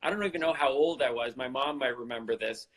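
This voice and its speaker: A man's voice: medium pitch, fast talker, slightly rough. A man hosting a podcast, chatting in a joking way and repeating words as he thinks. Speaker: podcast host. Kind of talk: casual chat.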